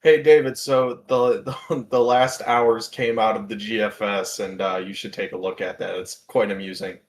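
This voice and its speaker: A man's voice: on the low side, fairly even intonation, normal speed. A man chiming in on a stream as co-host, making amused, casual asides. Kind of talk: casual chat.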